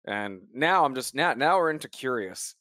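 A man's voice: medium pitch, expressive, normal speed, sharp tone, no echo, clean studio sound. A young man co-hosting a casual podcast chat, rambling and swearing often as he trails off mid-sentence. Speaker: podcast co-host.

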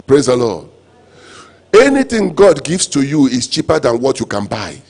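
A male pastor preaching a sermon, repeating refrains and breaking into sudden loud, emphatic lines. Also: mid-range voice, creaky, husky. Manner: preaching with call-and-response phrases and sudden loud emphatic bursts.

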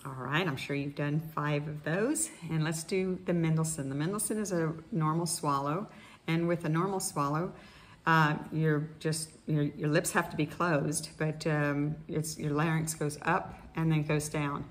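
Low-voiced woman leading voice exercises. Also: unhurried. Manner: calm instructional, with many fillers. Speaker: speech therapist. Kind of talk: guided voice exercise class. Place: indoors in Costa Rica, wind outside.

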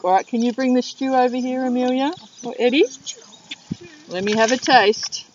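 A woman teacher reading a picture book aloud to young children in an animated, drawn-out way. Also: on the high side, far from the mic, a little hiss or hum. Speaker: primary school teacher. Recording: dull lo-fi video sound.

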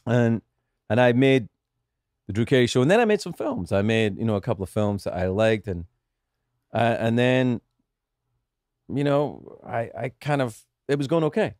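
A middle-aged man with a Scottish accent talks through his past with animated, swinging intonation. He swears casually and often stops to restart a sentence. The sound is dry and close to the mic. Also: medium pitch, normal speed, long pauses, no echo. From Scotland. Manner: animated storytelling, profane, frequent restarts. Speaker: guest comedian. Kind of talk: casual podcast chat.

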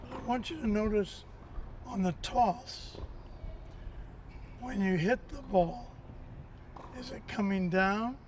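A man coaching tennis on an outdoor court, calm and encouraging, with light teasing. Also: high-pitched, slow, long pauses, a little hiss or hum. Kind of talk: on-court instruction.

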